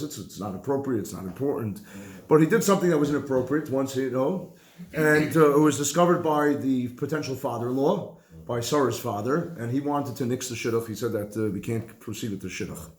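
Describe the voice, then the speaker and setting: A man, a rabbi, giving a lively conversational halacha class. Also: medium pitch. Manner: animated, conversational, mixes Hebrew and Yiddish terms. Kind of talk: Torah class lecture. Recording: echoey room.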